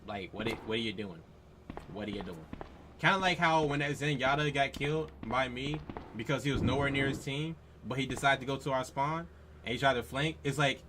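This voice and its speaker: A man's voice: medium pitch, brisk, sharp tone. Exasperated let's play host, man, profane rant over a noisy mix. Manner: exasperated, profane, repetitive rhetorical questions. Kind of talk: ranting gameplay commentary.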